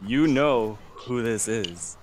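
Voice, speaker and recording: Slow-talking male game master. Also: medium pitch, expressive, darkish tone, slight background noise. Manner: slow, hesitant narration with many ums. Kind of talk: narrating a tabletop game over voice chat.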